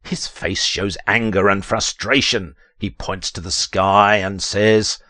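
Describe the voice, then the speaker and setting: A man's voice: fairly even intonation, takes it slowly, bright, forceful tone, no room sound. A man narrating a text adventure in a theatrical, dramatic reading voice. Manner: theatrical, leaps to high strained pitch on quoted lines.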